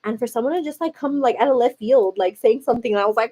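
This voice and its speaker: On a livestream, a young American woman chats casually with her viewers, constantly dropping "like" and "girl." Her voice is a little high and mellow, and she talks fast.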